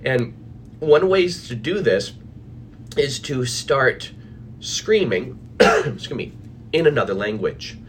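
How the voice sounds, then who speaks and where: A man's voice: medium pitch, big pitch swings, takes it slowly, pauses often, a little hiss or hum. A man coaching on anxiety, talking casually and animatedly to viewers from his office, with fillers and restarts. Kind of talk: casual live video chat.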